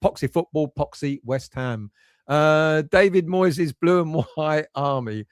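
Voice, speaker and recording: A middle-aged man hosting a casual live stream, reading out chat and talking emotionally and excitably about his team's fate. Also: a little high, a little slow, clear, resonant tone, no echo, studio quality. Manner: emotional, excitable, swings between nervous and resigned. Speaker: fan channel host reading chat.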